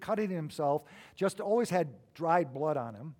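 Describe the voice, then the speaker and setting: A middle-aged man preaching a sermon, swinging between loud emphatic bursts and quiet, low asides as he tells stories. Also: animated, moderate pace. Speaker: pastor.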